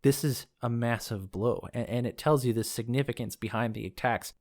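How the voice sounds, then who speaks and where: A man's voice: medium pitch, normal speed. A man hosting a lore podcast, reading from a book and wandering into casual asides as he thinks aloud. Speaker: podcast host discussing game lore.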